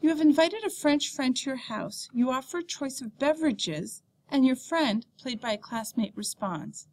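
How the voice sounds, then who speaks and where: A woman teacher reading a beginner French textbook lesson aloud, saying the French words slowly and clearly. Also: sits high, lively intonation.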